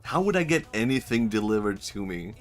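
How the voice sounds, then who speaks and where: A man's voice: lowish voice, big pitch swings, fairly quick, soft background music. A young man streaming a video game, rambling and joking, often swearing and laughing at his own bits. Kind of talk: casual gameplay commentary.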